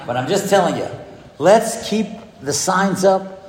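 A man giving an animated sermon with storytelling, asking the audience rhetorical questions. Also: measured pace. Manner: animated, rhetorical questions, swings pitch widely for emphasis. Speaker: rabbi speaking to a school audience. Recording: echoey hall, heard from a distance.

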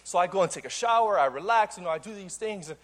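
A young man preaches to a congregation in a church hall, telling a playful story at an energetic clip. His voice sits noticeably high for a man, and he often restarts his sentences and repeats words as he goes. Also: fast. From Cuban. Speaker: pastor. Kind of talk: sermon with personal story. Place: church auditorium before a congregation.

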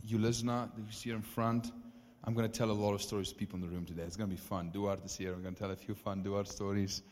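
South African male pastor, lowish voice, casual storyteller, reverb of a big church hall. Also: fast talker. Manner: casual, animated storytelling with frequent "like" and "right?". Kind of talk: storytelling sermon.

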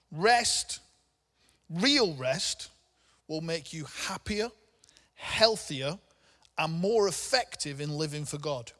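A man in middle age preaches in a high voice, speaking casually and breaking into humorous asides between scripture readings. His voice carries a long reverb from a large hall. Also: a bit bright. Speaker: pastor. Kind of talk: sermon.

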